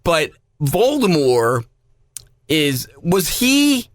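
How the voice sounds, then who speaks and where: A man co-hosting a podcast, chatting casually and telling stories in an excitable, animated way. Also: fairly high pitch, very slow, no room sound, studio quality. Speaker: podcast co-host. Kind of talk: casual chat.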